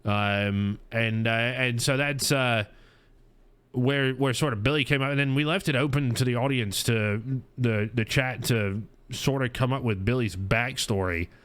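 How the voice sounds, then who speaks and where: A man's voice: medium pitch, unhurried, a bit bright, smooth. A middle-aged man hosting a casual podcast, telling rambling stories full of restarts and chuckles. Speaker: podcast host. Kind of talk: casual chat.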